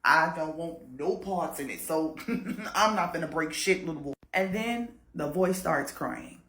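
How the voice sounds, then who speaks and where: A woman telling a paranormal story in a lively, profane, laughing way. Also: sits low, unhurried. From Chicago, USA. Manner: animated, profane, laughs a lot. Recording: roomy echo.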